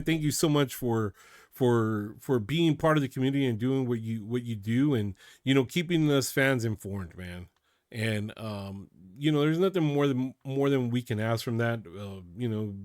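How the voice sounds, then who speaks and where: A man's voice: mid-range voice, no room sound, studio quality. A man hosting a reaction video who gets worked up, talks emphatically and tacks "man" onto his sentences. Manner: worked up, repeats "man" often; emphatic, drops loud to quiet. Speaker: channel host.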